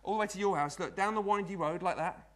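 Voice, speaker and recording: A man's voice: high voice, quick pace, natural voice. Man playing cheeky apprentice magician. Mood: playful. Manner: chatty, patter-filled, keeps saying "look". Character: young Victorian London apprentice magician, cheeky and eager. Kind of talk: live magic act in character.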